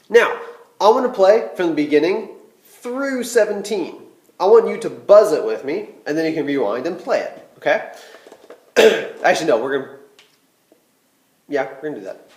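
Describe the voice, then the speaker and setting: A man's voice: on the high side, big pitch swings, moderate pace, a little mellow, roomy sound, poor audio. A man giving a trumpet lesson, explaining rhythms and counting beats aloud in a patient, explanatory way. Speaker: music teacher.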